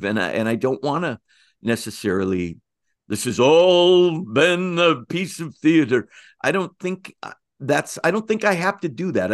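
A man's voice: low-pitched, dry recording, studio quality. A man talking as an interview guest, rambling and correcting himself as he tells stories. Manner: rambling, self-correcting, animated storytelling. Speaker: guest, magician. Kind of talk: conversational interview.

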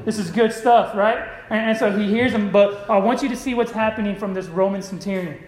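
Guy preaching, high voice, keeps asking the crowd if they're with him, roomy church sound. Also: fairly quick, a little mellow. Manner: preaching, calls out to the congregation. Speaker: pastor. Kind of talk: sermon.

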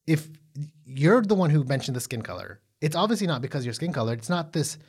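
A man co-hosting a casual recap chat, animated and profane, full of fillers and restarts. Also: fairly high pitch, fairly quick, slightly rough. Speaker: podcast co-host.

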